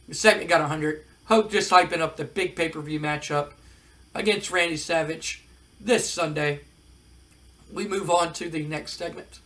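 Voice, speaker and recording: A man with a high voice casually recaps a wrestling sim, thinking aloud between results. His delivery is relaxed and easygoing, with plenty of ums and uhs. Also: normal speed. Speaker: let's-play narrator. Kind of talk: casual game commentary.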